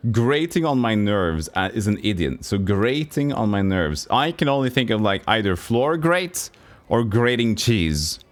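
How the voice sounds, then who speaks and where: Slow Norwegian man thinking aloud. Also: on the low side, very animated. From Norway. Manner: thinking aloud, halting, self-correcting. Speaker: streamer. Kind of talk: live game commentary.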